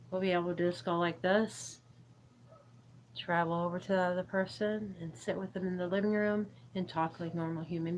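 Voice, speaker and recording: A woman with a fairly low voice talks casually on a livestream, drifting from thought to thought. She giggles often and answers her viewers' chat as she goes. A faint hiss sits under the recording. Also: low-quality recording. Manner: giggly, meandering, reads chat aloud. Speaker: YouTube livestream host. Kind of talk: rambling spiritual livestream chat.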